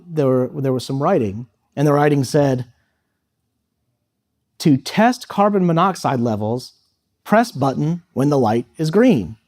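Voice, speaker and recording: Man telling a relaxed story, a little high. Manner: relaxed anecdotal storytelling with fillers and quoted dialogue. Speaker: guest speaker to high school students. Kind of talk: storytelling talk. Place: school hall.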